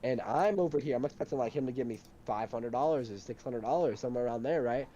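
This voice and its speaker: Young guy ranting fast about work, mellow low-key tone, bit of hiss behind him. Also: lo-fi sound. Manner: animated, heated storytelling with lots of swearing. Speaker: storyteller in a duo chat. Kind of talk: casual chat.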